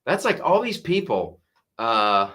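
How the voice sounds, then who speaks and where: A man's voice: mid-range voice, big pitch swings, slow, fairly bright tone. A middle-aged man hosting a comedy podcast, rambling sarcastically through a casual monologue with frequent restarts.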